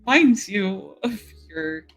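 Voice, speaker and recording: A woman acting as game master, narrating a tabletop game in a relaxed, hesitant way with many fillers. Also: mid-range voice, takes it slowly, soft background music.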